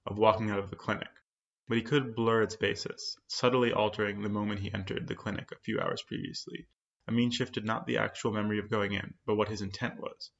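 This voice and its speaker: A man reads a literary story in a measured, quiet voice. His voice is low and carries a gravelly fry. The sound is dull and lo-fi.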